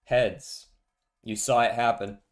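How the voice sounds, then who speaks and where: A man's voice: mid-range voice, steady tone, slow pace. A young man streaming a card game, giving dry, sarcastic commentary and swearing freely. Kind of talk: casual gameplay commentary.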